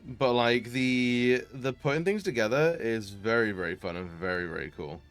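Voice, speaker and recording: A man streams as a variety streamer, chatting casually at medium pitch and normal speed with faint music behind him. He laughs, greets viewers warmly, and uses frequent fillers.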